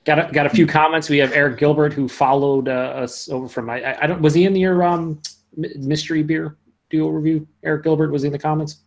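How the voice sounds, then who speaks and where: A man's voice: a little high, steady tone, a little fast. A man hosting a casual live video chat, teasing, laughing and reading out viewer comments with stumbling restarts.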